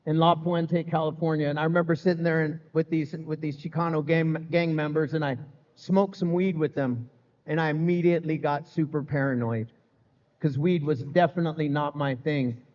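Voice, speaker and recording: A middle-aged man with a fairly high voice gives a candid, joking testimony to a live crowd, speaking loosely and conversationally. His voice rings out in a long hall reverb, and the sound is a bit muffled. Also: steady tone, normal speed, a little mellow. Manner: candid, humorous, conversational, peppered with "man" and "you know". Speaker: speaker sharing his recovery story. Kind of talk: live recovery testimony to an audience. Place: event hall with live audience.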